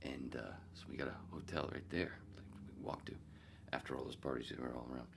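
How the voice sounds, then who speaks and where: Speaking quickly in a rumbling, gravelly low voice with a steady tone, a middle-aged man runs his podcast alone. There's a faint hiss or hum on the recording. He rambles through self-deprecating anecdotes, reads a live chat, and drops into whispers and laughter.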